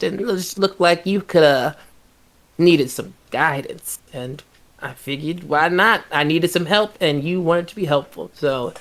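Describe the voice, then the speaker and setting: A man's voice: sits high, vocal fry, a bit bright, voice pushed up, heavily acted. A man voicing a scheming hag who plays a sweet adoptive mother, cooing and sly. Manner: syrupy, cooing, turns spiteful.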